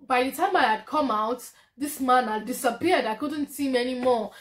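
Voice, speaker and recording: Young Nigerian woman, high-pitched, lively storytime vlogger who laughs a lot. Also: normal speed. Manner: animated storyteller, laughs often. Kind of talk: storytime vlog.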